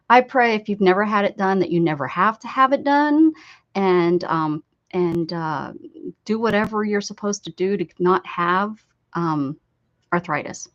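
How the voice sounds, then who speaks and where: A woman's voice: medium pitch, lively intonation, a little slow. A woman with an American accent chatting casually on an art live stream, rambling, laughing and answering viewer comments. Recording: slightly dull lo-fi stream audio.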